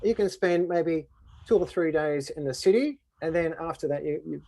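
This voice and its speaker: A man's voice: a little high, normal speed, dark tone, no room sound. An Australian man, a tour guide, answering questions in an easygoing, explanatory way. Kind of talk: casual Q&A answers.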